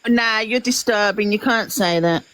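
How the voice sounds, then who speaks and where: A woman's voice: mid-range voice, moderate pace, fairly bright tone, poor audio. A woman teasing and mocking a caller during a group live-stream chat.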